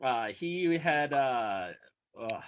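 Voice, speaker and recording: A man co-hosting a podcast in casual comedic chat, wry, haltingly reading out news stories. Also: mid-range voice, lively intonation, no echo. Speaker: podcast co-host.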